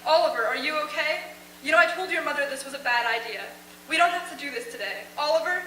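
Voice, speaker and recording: Girl reading lines for a sad gentle dad, pleading and cracking, heard from far back in a theater. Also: high voice, fast, roomy sound, a little hiss or hum. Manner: pleading, voice breaking. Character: grieving gentle middle-aged father.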